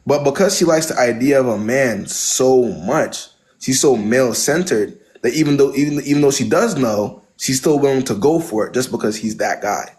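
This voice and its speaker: A man's voice: medium pitch, moderate pace, few pauses, a little mellow. A man hosting a live stream, giving blunt relationship advice and driving his points home with "right?".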